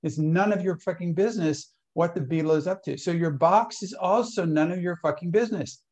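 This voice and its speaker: Mellow man teaching with anecdotes. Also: high-pitched, brisk. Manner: loose, anecdotal, with acted-out inner voices. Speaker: workshop leader. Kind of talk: teaching talk.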